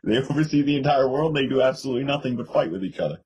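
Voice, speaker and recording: A man's voice: mid-range voice, rapid-fire, a little mellow, low-quality recording. A young man co-hosting a casual political podcast, telling stories and mimicking others in a raised voice. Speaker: podcast co-host.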